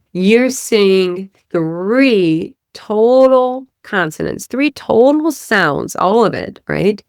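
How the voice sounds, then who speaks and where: A woman's voice: medium pitch, darkish tone, no room sound, clean studio sound. A woman speech-language pathologist explaining a therapy method, demonstrating sounds and checking in with "right?". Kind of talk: teaching podcast explanation.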